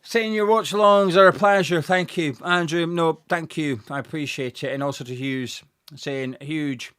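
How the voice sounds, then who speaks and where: A young man who hosts a fan channel commentates live on a football match, talking fast and excitedly. He chats informally, reacts to the play, and reads out viewer messages while thanking people by name. His clear, resonant voice sits a little high for a man.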